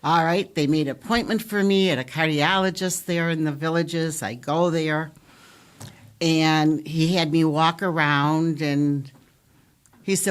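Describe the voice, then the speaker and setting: An older woman, a patient guest, telling her own health story in an animated way and acting out what others said to her. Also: low-pitched, unhurried. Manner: animated storyteller, acts out quoted voices.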